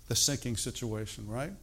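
An older man preaching a sermon, animated and emphatic, moving between loud outbursts and hushed, slow emphasis. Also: mid-range voice, husky.

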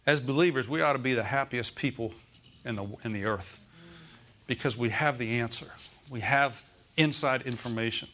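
A man's voice: medium pitch, normal speed, fairly bright tone, a little hiss or hum. A male pastor preaching a Sunday sermon in a church, often calling out "Amen?" and "Okay?" to the congregation.

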